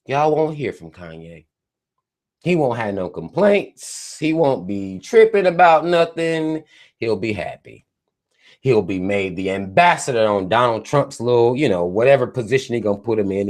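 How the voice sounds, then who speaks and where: A man ranting on a live stream, his pitch swinging up and down as he mocks and swears. He repeats points for emphasis and talks with a lively, exasperated bite. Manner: animated, profane, mocking, emphatic. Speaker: livestream host. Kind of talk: profane live-stream rant.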